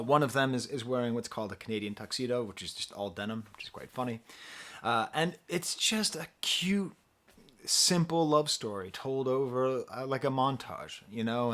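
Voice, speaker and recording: A man's voice: medium pitch, a bit bright. Chatty, self-mocking male music reviewer. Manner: chatty, self-deprecating, laughs often. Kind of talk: casual album review.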